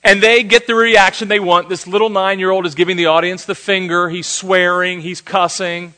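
Male preacher, sermon storytelling, forceful bright voice, fairly high pitch, long hall reverb. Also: normal speed. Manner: animated storyteller, acts out the quotes.

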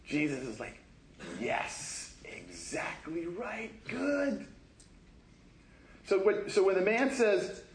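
A man preaching a sermon in a conversational, animated way, acting out quoted voices and laughing often. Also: high voice, roomy sound, a little hiss or hum, poor audio. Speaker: pastor. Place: church sanctuary.

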